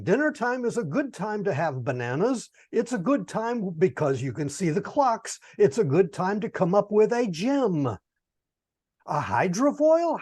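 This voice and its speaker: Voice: medium pitch, a little mellow. A speaker giving a joking improvised speech on a video call, with exasperated asides. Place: online video meeting. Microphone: computer mic on a video call.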